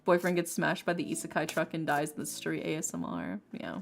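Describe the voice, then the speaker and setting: A woman streamer chats casually with her audience in a fairly low voice, emphatic and opinionated, breaking into frequent laughs. She argues her points with animated energy. Soft lofi music plays faintly underneath. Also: fairly quick, vocal fry. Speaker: streamer, ASMR creator. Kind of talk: casual chat on a livestream.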